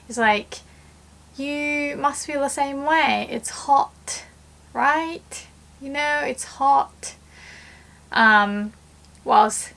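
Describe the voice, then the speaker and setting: A woman's voice: high voice, slow pace, gravelly. Chatty woman teaching Japanese phrases. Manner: chatty, acts out example phrases with lively voice shifts. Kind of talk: casual language lesson.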